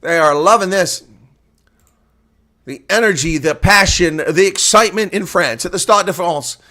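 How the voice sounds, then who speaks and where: A man giving live play-by-play rugby commentary, talking fast through the action, chatting with viewers and shouting on big plays. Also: sits high.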